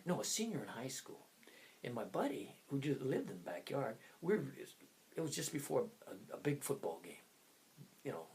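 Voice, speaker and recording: A man in his sixties gives a casual motivational talk, coaching in a loose, chatty style. His pitch jumps up and falls all over the place as he drifts into tangents, swinging from sudden loud outbursts to almost-whispered asides. There's a little background noise.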